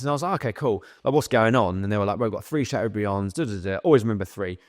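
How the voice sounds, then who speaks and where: A young man, a podcast guest, casually telling a lively story, swearing and acting out the lines of the people in it. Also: medium pitch, fast, few pauses, no room sound, studio quality. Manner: swearing, animated retelling with quoted dialogue.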